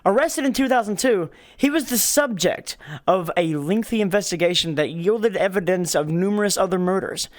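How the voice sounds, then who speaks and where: A man's voice: sits high, moderate pace, hardly any pauses. A man hosting a casual podcast, rambling and laughing, with many restarts. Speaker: podcast host.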